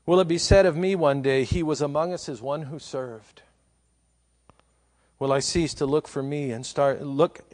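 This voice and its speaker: A man preaching a sermon, asking rhetorical questions and building to slow, emphatic repetitions. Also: mid-range voice, darkish tone. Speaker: pastor.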